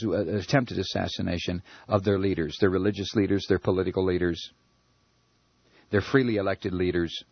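A man's voice: lowish voice, husky, dry recording, highs cut off. A man hosting a radio talk show, ranting in a furious political monologue, stammering and repeating words.

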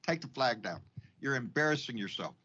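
Folksy male co-host, blunt and swearing, pitch jumping around, faint hiss behind him. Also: animated, brisk, pushed and bright, muffled recording. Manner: blunt, profane, folksy interjections. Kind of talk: political talk radio banter.

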